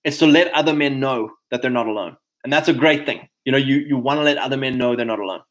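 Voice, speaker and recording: A man hosting a casual livestream, talking to his viewers in an energetic, preachy way. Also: mid-range voice, quick pace, low-quality recording. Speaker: host.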